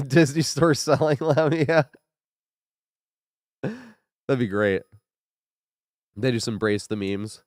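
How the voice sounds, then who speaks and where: A man's voice: mid-range voice, takes it slowly, pauses often, darkish tone, dry recording. A man streaming a video game, talking loosely and profanely with his viewers, his voice weak and congested from a cold. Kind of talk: casual livestream chat while gaming.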